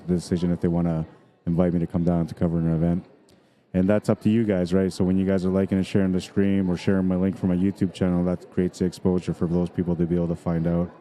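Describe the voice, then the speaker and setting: Casting: laid-back male pool streamer, low, mellow voice, chatty with viewers in a pool hall. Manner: chatty, easygoing, talks directly to viewers. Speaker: pool tournament streamer and commentator. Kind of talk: casual live-stream commentary.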